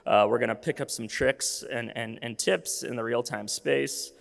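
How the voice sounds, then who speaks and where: Gravelly man speaking in a hall. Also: medium pitch, moderate pace. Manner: casual, many fillers and restarts. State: losing his voice. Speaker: conference speaker. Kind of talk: conference presentation. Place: conference hall. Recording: long reverb of a hall.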